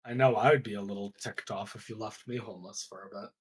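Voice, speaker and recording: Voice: medium pitch, fairly even intonation, fast, husky. A commentator chatting casually on a live stream, curious and full of questions, with frequent "like"s. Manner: curious, asks lots of questions, fillers of "like". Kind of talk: casual chat.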